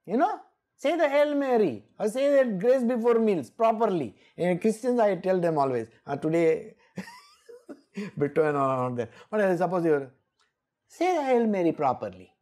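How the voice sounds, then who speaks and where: A woman's voice: medium pitch, very animated, measured pace, warm tone. A woman giving a scripture exposition, emphatic and scolding, often laughing. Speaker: spiritual teacher.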